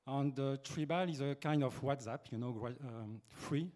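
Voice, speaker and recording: A man with a French accent presenting on a business panel, speaking halting English as he searches for words. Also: medium pitch, a little mellow.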